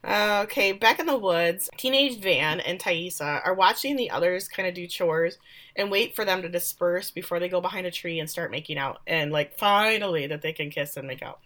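A woman co-hosting a casual podcast, recapping episodes and acting out characters' lines in quick voices. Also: on the low side, a bit bright. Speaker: podcast co-host.

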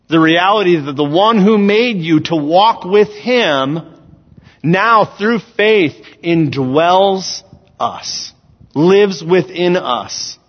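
A man's voice: high voice, animated, takes it slowly. A man preaching a sermon, earnest and emphatic as he reads scripture aloud. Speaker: student ministries director preaching. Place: church sanctuary. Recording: dull sound in a large reverberant church hall.

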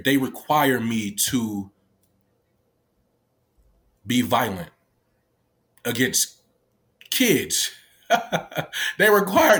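A man's voice: mid-range voice, fairly bright tone. A man telling a personal story to camera, tearful, rambling with lots of fillers and frequent swearing. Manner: rambling, peppered with "like" and "right?", swears freely. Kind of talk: casual emotional storytelling to camera.

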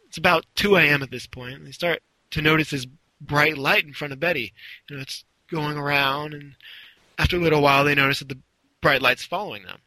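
A man's voice: fairly high pitch, pushed and bright, no room sound, poor audio. A man casually telling a long story, rambling a little and acting out the quotes. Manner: rambling, with restarts and acted-out quotes.

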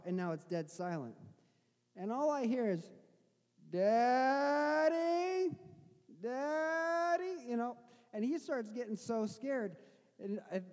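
A man's voice: fairly high pitch, dark tone, long reverb tail. A young adult male pastor preaching a sermon, telling a family story before building to fervent preaching. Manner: storytelling, then rising preacher's fervor.

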